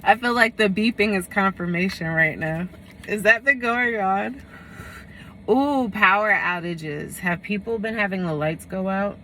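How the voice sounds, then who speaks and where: A woman's voice: mid-range voice, unhurried, pushed and bright, a little hiss or hum. A woman giving a casual tarot reading, rambling and correcting herself as she talks. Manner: rambling, full of fillers and self-corrections. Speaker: tarot reader.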